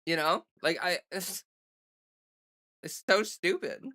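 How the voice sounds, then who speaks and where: Bright-voiced woman rambling on a livestream. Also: lowish voice, slow pace. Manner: rambling, many fillers and restarts; defiant, blunt, swears. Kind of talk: casual livestream chat. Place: home streaming setup under bright lights.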